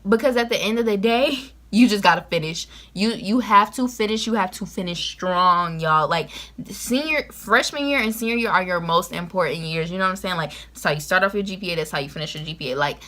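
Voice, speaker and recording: A woman's voice: fairly low pitch, fairly quick. A teenage girl from Georgia, giving casual advice in a vlog, talking straight to the camera. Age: late teens. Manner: lively, talks straight to camera, lots of "you know what I'm saying". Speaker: vlogger.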